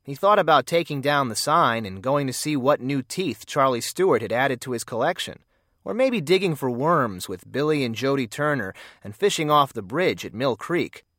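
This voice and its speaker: A storyteller reading a children's mystery aloud with expressive storybook delivery. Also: medium pitch, normal speed, dry recording, clean studio sound. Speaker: narrator.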